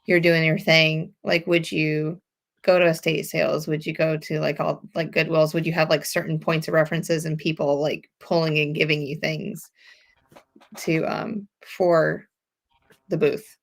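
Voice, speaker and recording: Woman, gravelly voice, hesitant, lots of fillers, casual chat. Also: low voice, flat delivery, unhurried. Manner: hesitant, filler-heavy questions.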